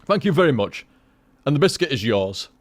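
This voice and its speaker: A man's voice: mid-range voice, very animated, brisk. A young man chatting casually to his stream viewers, rambling and swearing with lots of restarts.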